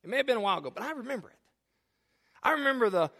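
A man in his forties, a pastor preaching a sermon in a church, animated and jokey, telling stories and acting out the people in them. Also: extremely high pitch, racing. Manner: animated, jokey, acts out characters in anecdotes. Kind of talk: sermon with storytelling. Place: church sanctuary. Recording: long hall reverb.

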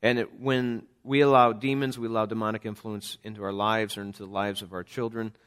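A man's voice: fairly low pitch, level tone, a little fast, fairly bright tone, smooth. A man preaching a sermon earnestly, reading scripture and speaking as a father to the parents in his church. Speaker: pastor; father of a young son.

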